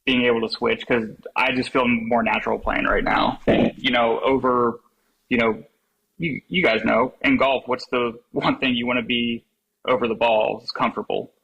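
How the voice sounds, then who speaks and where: Husky-voiced man telling golf stories. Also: medium pitch, flat delivery, moderate pace, fairly bright tone, muffled recording. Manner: rambling storyteller, laughs often. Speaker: podcast guest. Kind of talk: casual chat.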